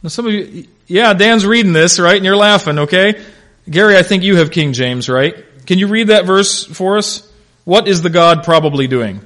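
A man teaching a Bible class in a conversational way, telling stories with animated delivery and calling on class members by name. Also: high voice, normal speed.

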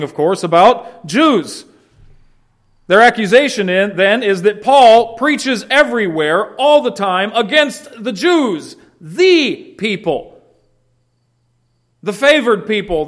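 A man preaching a sermon, explaining a passage verse by verse with rhetorical questions and acted-out quotes. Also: high voice. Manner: animated, rhetorical questions, acts out quoted shouts. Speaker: pastor. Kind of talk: expository sermon.

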